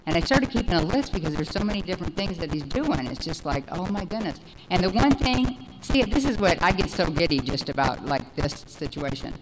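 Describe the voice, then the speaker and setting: A woman in her forties giving a personal recovery testimony, rambling and animated, with many fillers. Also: fairly low pitch, brisk, hardly any pauses, very noisy. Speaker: speaker sharing recovery story.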